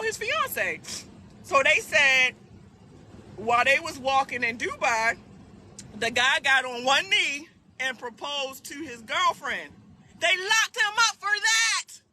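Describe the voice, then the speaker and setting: A woman vlogger telling a story casually, loud and profane, often breaking into laughter. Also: high voice, slight background noise. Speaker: trucking vlogger.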